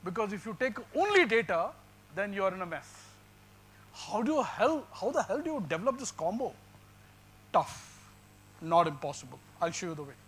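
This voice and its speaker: Brief: middle-aged Indian English man, high bright voice, punchy motivational speaker with rhetorical questions. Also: big pitch swings, normal speed, pauses often, breathy edge, low-quality recording. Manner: emphatic, rhetorical questions, switches into Hindi. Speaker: guest speaker. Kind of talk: motivational talk to students. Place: lecture hall.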